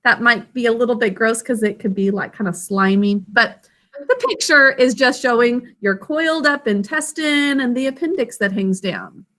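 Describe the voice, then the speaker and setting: A woman teaching a literacy lesson to young children, patient and encouraging, drawing words out slowly to sound out each syllable. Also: fairly high pitch, fairly bright tone. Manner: encouraging, praises students by name. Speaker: elementary school teacher.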